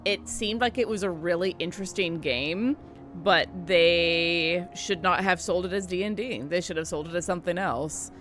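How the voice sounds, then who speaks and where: A woman chatting casually over gameplay, tossing out joking asides to her viewers. Her voice sits on the lower side, and faint music plays under her talk. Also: normal speed, fairly bright tone. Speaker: game streamer.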